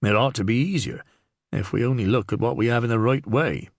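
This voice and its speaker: A man voicing a serious, upright young under-sheriff who speaks in a measured, stern way in an audiobook. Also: mid-range voice, creaky, dry recording, clean studio sound.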